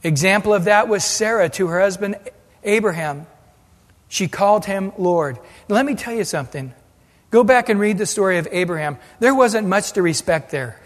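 A man preaching a sermon as pastor, animated and acting out the voices he quotes. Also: sits high. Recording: long hall reverb.

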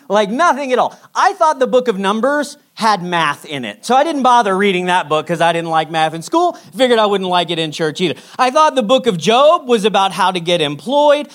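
A man preaching a sermon as pastor, telling a story in an animated way and acting out the quotes. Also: high-pitched. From Texas.

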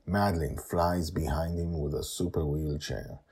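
Deep, husky man narrating a story podcast. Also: fairly even intonation, a little slow, darkish tone.

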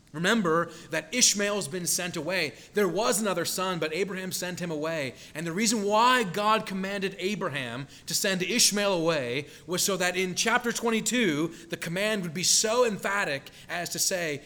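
A man's voice: sits high, sharp tone. A man preaching a sermon in an earnest, emphatic way, building dramatic tension when he quotes scripture.

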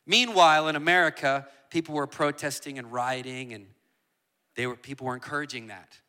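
A man preaching a passionate sermon as a guest speaker, building from quiet asides up to shouting. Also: mid-range voice, brisk. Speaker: guest preacher and worship leader.

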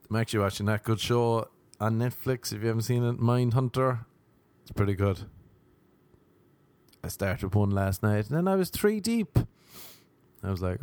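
A man in his thirties, a comedian hosting his own podcast, rambling wryly through a casual monologue and jumping into high voices for quoted asides. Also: expressive, moderate pace, no echo.

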